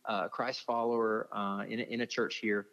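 A man's voice: on the low side, flat delivery, normal speed, fairly bright tone, long reverb tail. A man, a ministry leader telling stories as an interview guest, heartfelt and earnest, often calling the listener "man". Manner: heartfelt, speaks with feeling, says "man" often. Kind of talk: earnest conversational storytelling. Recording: dull lo-fi audio.

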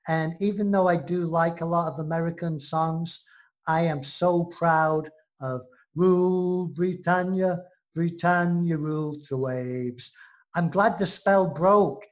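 A woman's voice: lowish voice, takes it slowly. A woman from England with an English accent, co-hosting a podcast in a playful, teasing, theatrical way. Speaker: podcast co-host. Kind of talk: casual chat.

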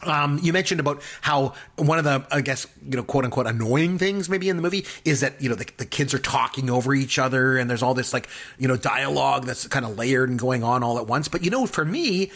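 A man's voice: mid-range voice, animated, brisk, a bit bright. A man talking enthusiastically about a film in a casual discussion, laughing often and using many fillers.

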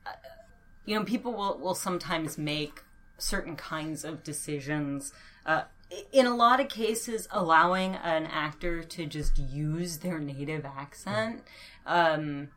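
Low-voiced woman, thoughtful linguist guest. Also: a little slow, a bit bright. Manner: thoughtful, with many fillers and laughs. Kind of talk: podcast interview.

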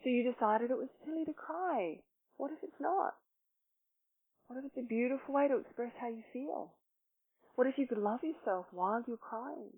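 A woman who leads self-love workshops, teaching with probing questions and then guiding a slow, soft meditation. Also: fairly high pitch, slightly rough. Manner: probing, asks many questions. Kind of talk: teaching talk and guided meditation. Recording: tinny phone-like sound.

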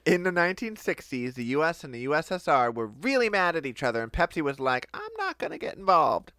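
Lively, bright-voiced male podcast storyteller. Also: fairly high pitch, fast talker, clean tone, dry recording. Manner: animated storyteller, laughs often, bursts into silly quoted voices. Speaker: podcast co-host telling the story. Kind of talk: casual comedic podcast chat.

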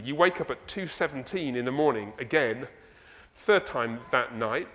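Man, English accent, pastor's sermon, animated conversational preaching, rhetorical questions, long reverb of a church hall. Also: medium pitch, moderate pace. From England. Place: church sanctuary.

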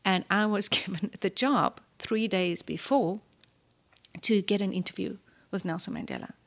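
A South African woman in her fifties, a guest telling a story in an interview. She speaks with animation and acts out the voices in her story. At moments her voice falls to a soft near-whisper. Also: medium pitch, normal speed, gravelly.

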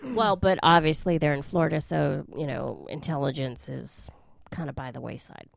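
Gravelly-voiced wisecracking female co-host. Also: low-pitched, normal speed. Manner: dry, wisecracking asides. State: tipsy on wine. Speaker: podcast co-host. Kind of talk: casual comedic chat.

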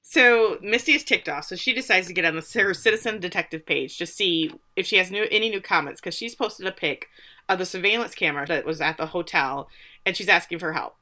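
Woman podcast co-host, bright and sharp-toned, sarcastic recapper. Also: lowish voice, a little fast. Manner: laughing, sarcastic, mimics characters' lines. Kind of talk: casual episode recap with quoted lines.

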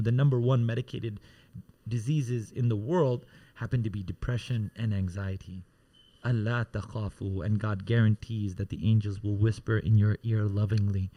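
A man who teaches Quran recitation, chanting verses in long melodic lines and then explaining them softly. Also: on the low side, steady tone. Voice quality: melodic, drawn-out chanting alternating with hushed explanation.

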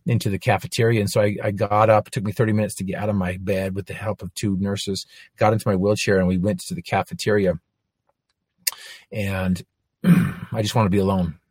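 A man's voice: low voice, darkish tone, husky, dry recording, studio quality. A man in his forties giving an earnest faith testimony, telling his story with frequent restarts. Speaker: inspirational speaker.

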